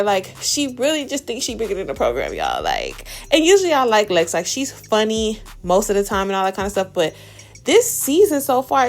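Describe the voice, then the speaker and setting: A woman hosting a reality TV recap, telling the story in a sassy, gossipy, slang-filled way. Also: mid-range voice. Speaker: reality TV commentary host. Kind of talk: casual recap commentary.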